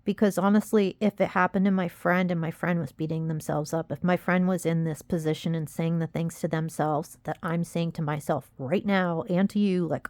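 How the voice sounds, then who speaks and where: With a fairly low, slightly mellow voice, a young woman talks at a normal speed with few pauses and fairly even intonation, and no room sound is audible. It's a casual confessional vlog: she rambles, frustrated and self-critical, on the verge of tears while warning viewers.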